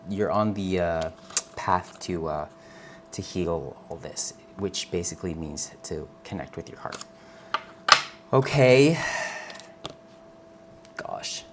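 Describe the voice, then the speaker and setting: Deep-voiced man giving a gentle tarot reading. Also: a little hiss or hum. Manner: gentle, earnest, reassuring, checks in with "okay?"; calls the viewer honey and girl. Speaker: tarot reader. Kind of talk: live tarot reading addressed to viewers.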